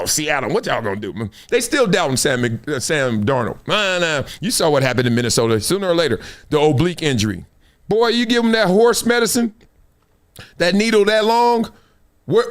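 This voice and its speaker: A man's voice: sits high, a bit bright. A man hosting a live sports talk show, telling stories in a preachy, playful way, acting out quotes and laughing often. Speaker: host.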